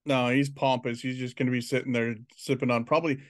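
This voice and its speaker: A man at a tabletop game talks easily about his character's actions. His voice sits at an ordinary middle pitch, and his tone is casual and unhurried. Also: little pitch movement. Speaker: player.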